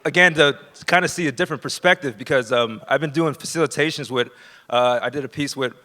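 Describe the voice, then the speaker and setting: A man from Florida telling a true personal story on a theater stage, nervous and halting with many fillers. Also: medium pitch, sharp tone. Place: theater stage before a live audience.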